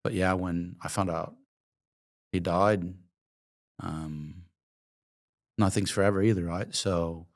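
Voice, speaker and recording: A man's voice: low voice, fairly even intonation, takes it slowly, pauses often. A man in his fifties from Oregon, telling his life story in an interview in a reflective, emotional way with many hesitant ums. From Oregon, USA. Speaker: guest, coffee company founder.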